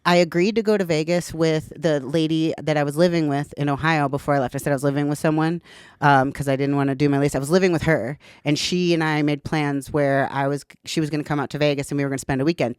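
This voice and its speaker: A woman's voice: low-pitched, fairly even intonation, fast, darkish tone, clear, resonant tone, dry recording, clean studio sound. A woman in her thirties, a podcast guest, telling her story in a candid, chatty way and swearing casually.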